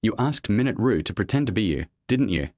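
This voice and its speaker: A cheeky young man who talks his way out of trouble with sheepish teasing, as the narrator reads him. The voice sits low but moves a lot in pitch. It is recorded dry and close for an audiobook. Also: sing-song, a little fast, darkish tone, no echo.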